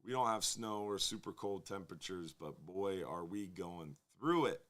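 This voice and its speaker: A man with a relaxed drawl and a fairly low voice hosts a live fishing show from his marina. He talks casually and at length, drifting into jokes and asides for his viewers. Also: moderate pace. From Florida. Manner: laid-back, rambling, joking with viewers. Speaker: fishing charter captain hosting a live show. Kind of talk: casual live-stream chat.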